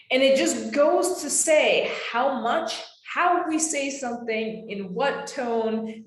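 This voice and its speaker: A young adult woman presenting a live webinar in a casual, emphatic way, often calling her listeners guys. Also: mid-range voice. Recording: roomy echo.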